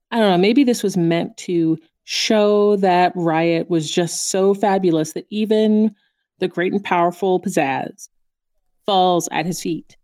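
Woman cohost, lower voice, excitable and giggly, super dry mic. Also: no room sound. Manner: animated, gushing, laughs often. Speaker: podcast co-host. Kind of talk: casual chat recapping a cartoon.

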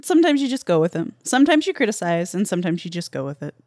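A woman's voice: fairly low pitch, big pitch swings, very fast, darkish tone, dry recording, clean studio sound. A woman co-hosting a podcast in casual chat, hesitant and wry, often restarting her sentences. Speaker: podcast co-host.

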